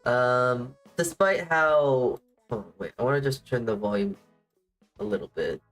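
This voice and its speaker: A man's voice: medium pitch, measured pace, fairly bright tone, poor audio. A man streaming as a VTuber, chatting casually in a rambling way, full of "like" fillers and self-deprecating asides. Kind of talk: casual livestream chat. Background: faint music playing.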